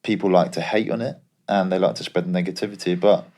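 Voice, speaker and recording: A man's voice: low voice, steady tone, fast, darkish tone. A young man, a former footballer, co-hosting a podcast and telling stories in a laid-back way. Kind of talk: casual podcast chat.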